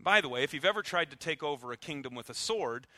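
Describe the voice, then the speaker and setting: A male preacher delivers a sermon in a bright, cutting voice that sits a little high for a man. His delivery is animated and varied, leaning hard on key words and dropping low and quiet at the ends of phrases. The sound is close and dry, with no room echo. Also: quick pace. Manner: animated and emphatic, swinging from loud stresses to soft, low endings; uses dry humor and acted-out asides. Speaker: pastor.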